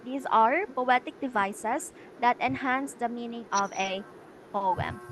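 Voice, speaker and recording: Young woman, student presenter, classroom lecture, higher voice, faint background noise. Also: poor audio. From Philippines. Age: young adult. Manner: explains step by step, repeats points, stresses words she reads.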